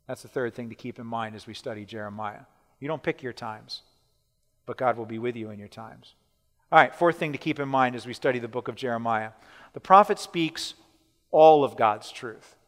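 Emphatic preacher in a reverberant hall. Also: male voice, mid-range voice, fairly bright tone. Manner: emphatic, repeats key points, slows for emphasis; asks the listeners questions. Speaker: pastor. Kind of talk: sermon teaching.

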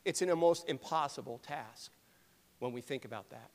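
A man preaching a sermon, earnest and emphatic, asking the congregation rhetorical questions and often clearing his throat. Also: mid-range voice, moderate pace. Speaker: pastor. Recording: long reverb of a large hall.

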